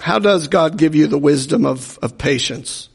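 Gravelly pastor preaching in reverberant hall. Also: male voice, on the high side, moderate pace. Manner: humorous storytelling, acts out quoted voices. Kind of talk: sermon. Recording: long reverb from a large hall.

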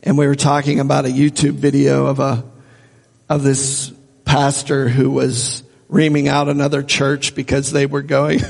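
A man's voice: a little high, creaky, a little mellow, long reverb tail. A man preaching a sermon as a pastor, earnestly repeating phrases for emphasis.

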